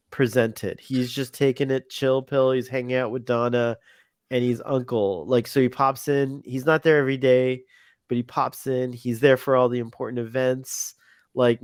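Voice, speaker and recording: A man's voice: mid-range voice, darkish tone, smooth, no echo. Upbeat laughing man, dry close sound. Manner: enthusiastic, laughing, many fillers. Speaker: podcast co-host. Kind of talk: casual chat.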